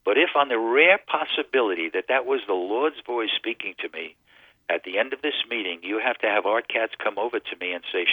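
A man calling in over a thin, tinny phone line tells his testimony as an earnest storyteller. His voice sits on the low side. The sound is dry and close. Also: a little fast, no echo. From Connecticut. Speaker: radio guest. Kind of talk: telling a personal testimony.

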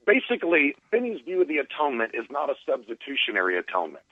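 Husky man on a tinny phone line. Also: medium pitch, huge pitch swings, dry recording. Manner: measured, reads out quotes. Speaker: caller. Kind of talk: theological argument over the phone.

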